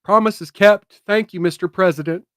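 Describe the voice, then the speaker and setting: A high-pitched man delivers casual political commentary from his own show. He talks with emphatic bursts that drop into hushed, emotional asides. The sound is dry and close. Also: normal speed, clean tone, no echo.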